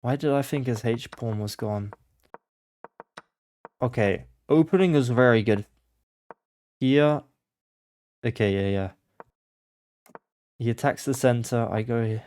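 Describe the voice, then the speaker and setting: Slow and full of long pauses, a man's medium-pitched voice mutters chess moves as he plays blindfold for his channel. This chess content creator thinks aloud, moving between quiet focus and flustered panic whenever he loses his place on the board.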